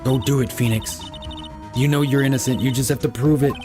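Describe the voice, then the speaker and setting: A calm, encouraging female mentor figure from a courtroom game, read by a man in his plain voice. The delivery is steady and unforced, with no attempt at a different voice. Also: mid-range voice, brisk, over music, natural voice.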